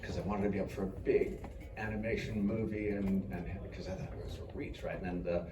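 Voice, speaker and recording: A very deep-voiced man rambles through a story on a convention panel, self-deprecating and chuckling as he goes. He sounds echoey and distant, as if heard from the back of a large hall. Steady background noise runs under his voice. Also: a little fast. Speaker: voice actor panelist. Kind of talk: anecdotal panel talk.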